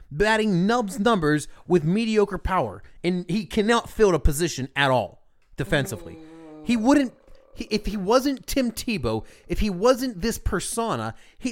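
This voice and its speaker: A man's voice: high voice, very animated, moderate pace. A man co-hosting a casual podcast, explaining eagerly and arguing his points with some swearing. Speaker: podcast co-host. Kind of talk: casual banter about baseball.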